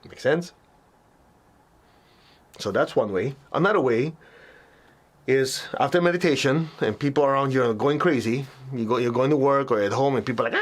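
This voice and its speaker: A man giving a spiritual teaching talk as a meditation teacher, talking conversationally, often checking in with listeners and acting out reactions with sudden high yelps. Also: expressive, brisk.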